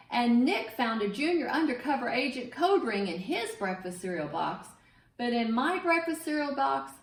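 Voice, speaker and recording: Woman doing a kids storybook read-aloud, highish voice all over the place, echoey room, mic kinda far away. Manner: expressive, sing-song, invites listeners to join in. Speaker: storyteller reading to children. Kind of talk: children's picture-book read-aloud.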